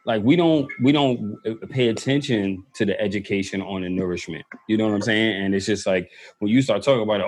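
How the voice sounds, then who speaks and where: A man hosting a casual chat, relaxed and working through the topic list. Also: on the low side, a little fast, hardly any pauses. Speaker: podcast host.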